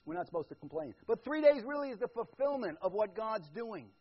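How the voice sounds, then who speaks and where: A man preaching a conversational sermon as pastor, shifting from quiet asides to loud, emphatic build-ups. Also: high voice, very animated, fairly quick, breathy edge, muffled recording.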